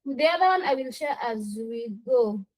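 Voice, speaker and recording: A woman student speaks up in class with a high voice. She lays out her answer point by point. The recording is dry, with no room around it. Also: lively intonation, normal speed, dry recording, rough recording. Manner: lists points by number.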